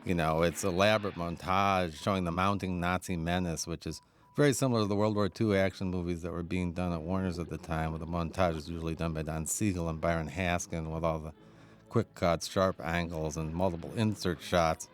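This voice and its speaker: Low-voiced chuckling male film commentator. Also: fairly even intonation, a little fast. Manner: chuckling, enthusiastic, anecdotal. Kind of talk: audio commentary on a cartoon.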